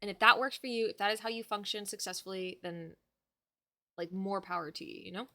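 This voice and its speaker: A woman's voice: mid-range voice, fairly quick, sharp tone. A woman livestreaming from home, chatting casually with her viewers and fussing affectionately over the dog in her lap.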